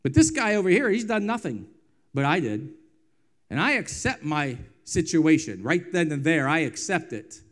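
A man preaching a sermon as pastor, moving between loud, emphatic lines and quiet, hushed ones, with drawn-out phrasing and repeated refrains. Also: fairly high pitch, big pitch swings.

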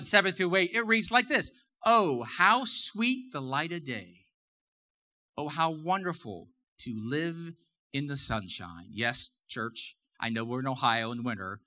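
Preaching to his congregation in church, a middle-aged pastor with a very bright, somewhat high voice delivers his sermon in a relaxed, conversational way. He repeats phrases and pushes his voice upward whenever he stresses a point.

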